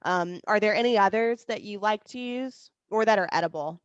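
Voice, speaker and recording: A woman's voice: medium pitch, moderate pace, clear, resonant tone, dry recording. Woman, moderator, polite, reads questions aloud, dry dull lo-fi sound. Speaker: class moderator. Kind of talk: reading audience questions.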